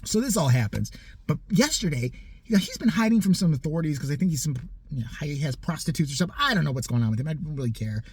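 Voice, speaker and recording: Husky, profane man in his forties ranting. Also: on the high side, sing-song, fast talker, dry recording. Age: 40s. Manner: profane, mocking, heated. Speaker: comedic ranter. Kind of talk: profane comedic rant.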